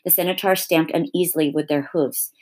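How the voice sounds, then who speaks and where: A woman reading a children's novel aloud in a steady, expressive storytelling manner. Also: sits low, moderate pace. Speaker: reader.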